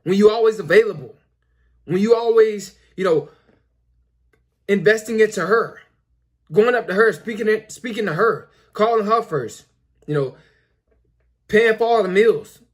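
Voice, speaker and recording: Young male host, high voice, preachy and repetitive, filler-heavy casual monologue. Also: unhurried, pauses often. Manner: repetitive, preachy, lots of "you know" fillers. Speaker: commentary video host.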